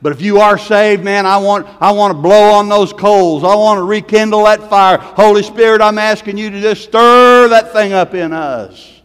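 A man preaches with fervor, his voice sitting high and pushing into shouted peaks. A long reverb trails each phrase through the church hall. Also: moderate pace, hardly any pauses, clear, resonant tone. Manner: fervent, rising to shouted peaks, folksy repeats of "man". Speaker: pastor. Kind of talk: sermon.

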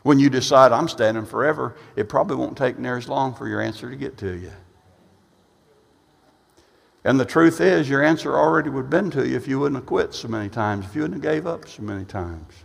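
Gravelly preacher man in an echoing hall. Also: animated, quick pace, few pauses. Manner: emphatic, swings from loud bursts to low asides; repeats and restarts phrases. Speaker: pastor. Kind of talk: sermon. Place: church sanctuary. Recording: long reverb of a church hall.

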